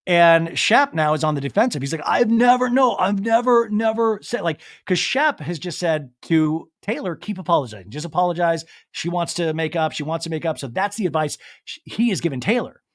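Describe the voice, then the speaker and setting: A man hosting a podcast, recapping a reality show in a lively casual way and acting out the cast's lines. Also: a little high, fairly quick, dry recording, clean studio sound. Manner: animated, acts out cast members' lines in put-on voices. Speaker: podcast host.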